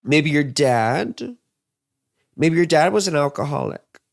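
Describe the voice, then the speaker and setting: A man's voice: a little high, lively intonation, takes it slowly, gravelly, no room sound, clean studio sound. A man in his thirties giving a casual, rambling astrology and tarot reading, full of asides and fillers.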